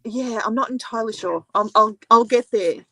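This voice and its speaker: A woman's voice: on the high side, moderate pace, bright, forceful tone, dry recording. A woman with an Australian accent, a guest on a live show, chatting in an easygoing way and laughing easily. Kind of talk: casual live-stream chat.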